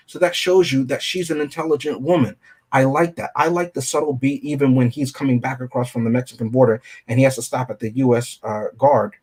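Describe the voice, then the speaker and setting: A man with a husky, slightly breathy voice breaks down a film in relaxed review-show chat. He sits at an ordinary middle pitch and thinks out loud, picking apart scenes and checking in with "right?" as he goes. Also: brisk. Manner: analytical, conversational, often checks in with "right?". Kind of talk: casual film review discussion.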